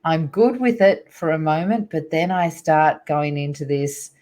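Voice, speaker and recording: A woman's voice: deep voice, measured pace, darkish tone. A middle-aged woman, a guest on an interview show, earnestly recounting a personal spiritual story in a rambling way with many fillers.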